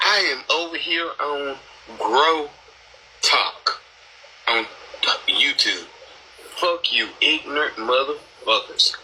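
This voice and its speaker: Very bright-voiced man, blunt and rambling. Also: fairly high pitch, slow, long pauses, a little hiss or hum, poor audio. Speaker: live stream panel host. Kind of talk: casual live stream chat.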